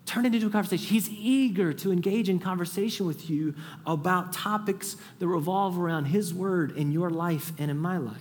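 A pastor delivering a sermon in a church, his voice sitting a little higher than most men's. He talks earnestly, rising to urgent peaks and sinking to near-whispers for prayers. The sound carries a long reverb tail from the large hall. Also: a little fast. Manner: earnest, rises to an urgent high pitch when stressing a point; drops to a soft hush when voicing a prayer. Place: church sanctuary.

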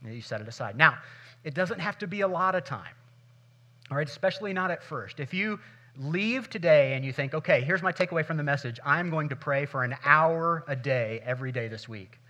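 A man's voice: fairly high pitch, expressive, fairly quick, sharp tone. A middle-aged male pastor preaching a sermon in a conversational, humorous way, acting out little scenes.

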